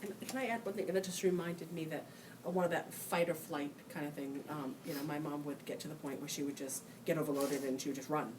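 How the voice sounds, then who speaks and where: A woman with a low voice speaks on a discussion panel, earnest and quick-minded, with many fillers. She sits some way from the mic, and clear room noise comes through. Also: steady tone, distant mic. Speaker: panelist, child of a brain injury survivor.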